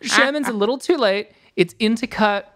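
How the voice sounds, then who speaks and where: A woman's voice: a little high, normal speed, fairly bright tone. A woman co-hosting a film review podcast, giving earnest, rambling plot recaps in casual chat. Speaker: podcast co-host.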